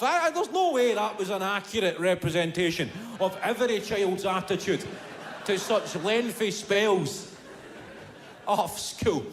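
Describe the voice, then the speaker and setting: A man's voice: high-pitched, lively intonation, a little slow, a little hiss or hum. A young man in his twenties with a Glasgow accent, doing an exasperated, sweary stand-up comedy set. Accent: Glaswegian Scottish. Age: 20s. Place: comedy stage with live audience.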